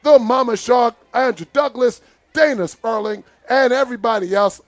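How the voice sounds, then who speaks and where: A male play-by-play announcer with a notably high voice calls a live football game. He talks loosely and with feeling, and keeps turning indignant and exasperated. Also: normal speed, no room sound. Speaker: play-by-play commentator. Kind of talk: live sports commentary.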